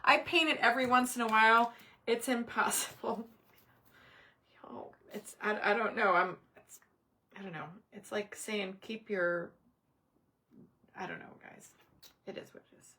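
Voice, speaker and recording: Bright-voiced woman hosting a chatty craft livestream. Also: on the high side, steady tone, unhurried, pauses often. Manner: chatty, talks to viewers by name while working; trails off and mutters while concentrating. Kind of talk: casual livestream chat while crafting. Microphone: camera mic at desk.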